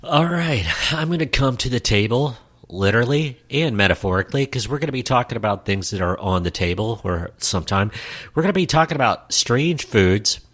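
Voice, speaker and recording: A man's voice: mid-range voice, lively intonation, a little fast, fairly bright tone. A middle-aged man co-hosting a casual podcast chat, jokey and playful, rambling with fillers. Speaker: podcast co-host.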